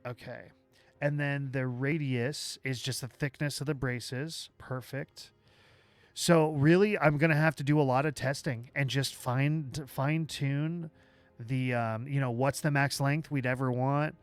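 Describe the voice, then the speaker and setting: A man hosting a livestream, walking through software live while thinking aloud, with halting restarts, and chatting with viewers as he works. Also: mid-range voice, fairly even intonation. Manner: chats with viewers while working. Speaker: livestream host.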